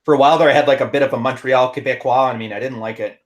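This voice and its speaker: Man, Canadian accent, podcast co-host, brisk storytelling, frequent laughs. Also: mid-range voice, fairly even intonation. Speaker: podcast co-host and relationship consultant. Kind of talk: casual podcast chat.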